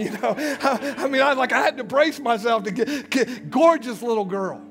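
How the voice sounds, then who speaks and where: A man's voice: very high voice, expressive, normal speed, hardly any pauses, a bit bright, soft background music. A man preaching a sermon as pastor in a church, emphatic, calling out to his congregation. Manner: emphatic call-and-response preaching. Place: church sanctuary.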